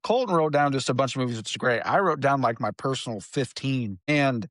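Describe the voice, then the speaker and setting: A podcast co-host from Indiana, a man of middle pitch who talks in loose, rambling chat. He keeps restarting and hedging his sentences. His voice sounds dry, with no room echo. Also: lively intonation, a little fast, a bit bright. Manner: rambling, trails off into restarts and hedges. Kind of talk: casual chat.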